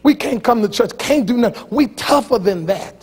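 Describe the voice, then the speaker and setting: A middle-aged pastor preaching a sermon in a church, folksy and fiery, shouting one moment and dropping low and teasing the next. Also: male voice, lively intonation, normal speed. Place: church sanctuary.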